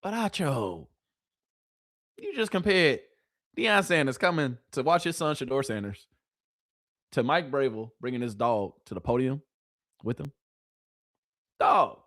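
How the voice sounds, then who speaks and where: A man's voice: mid-range voice, animated, a little slow, long pauses, a bit bright, no room sound. Heated man reacting, dry close mic. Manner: incredulous, heated, swears freely. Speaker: sports reaction host. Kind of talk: casual reaction commentary.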